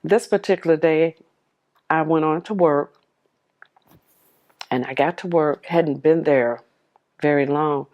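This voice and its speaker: A woman with a deep voice tells her life story to the camera, speaking a little slowly with long pauses on dull-sounding audio. Heartfelt and vivid, she replays old conversations as dialogue and is tearful at moments.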